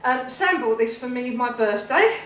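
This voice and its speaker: A woman's voice: on the high side, lively intonation, moderate pace. Chatty woman cooking live, echoey kitchen. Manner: rambling, cheerful, talks to her pets and viewers. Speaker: host of a live cooking stream. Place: home kitchen, indoors. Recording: echoey kitchen, from a distance, faint hum.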